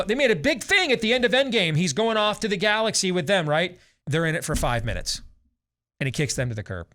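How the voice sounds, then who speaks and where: A man's voice: a little high, pushed and bright. A man in his forties hosting a talk show, ranting sarcastically and theatrically in opinionated commentary. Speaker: host.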